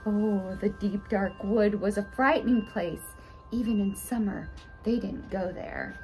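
A woman reading a children's storybook aloud in an expressive, sing-song way. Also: mid-range voice, a little slow, faint music behind. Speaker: storybook reader.

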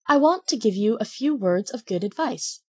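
A woman voicing the ghost of a little cricket, faint and otherworldly, giving gentle warnings. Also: a little high, lively intonation, normal speed, husky. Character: ghost of a tiny wise cricket.

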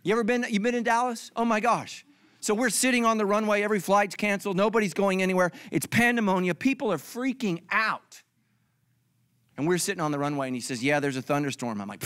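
A man's voice: a little high, fast talker, a bit bright, no room sound. A middle-aged male pastor giving a comedic sermon, acting out other people's lines for laughs.

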